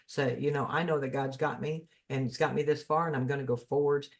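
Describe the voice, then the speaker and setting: A man's voice: mid-range voice, steady tone, brisk, creaky. A man speaking in a casual fireside chat as a spiritual guest, telling stories in a folksy, rambling way.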